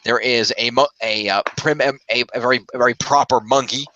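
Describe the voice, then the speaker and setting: A man's voice: medium pitch, steady tone, fairly quick, sharp tone, no echo, dull audio. A man chatting casually as a film reviewer, rambling and correcting himself as he goes. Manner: rambling, self-correcting, upbeat.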